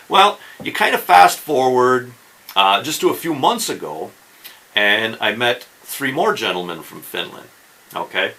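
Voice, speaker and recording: A man's voice: mid-range voice, very animated, measured pace, bright, forceful tone, poor audio. A man hosting a fishing channel, explaining tips in a casual instructional talk and often checking in with the viewer. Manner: chatty, keeps checking in with "okay?" and "right?".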